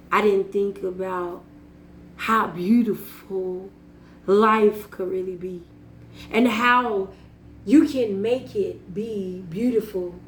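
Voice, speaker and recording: Woman vlogging, slow and earnest, repeats herself a lot, kinda high voice, roomy echo. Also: slight background noise. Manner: earnest, repetitive phrasing, laughs at herself. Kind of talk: personal reflective monologue. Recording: echoey room.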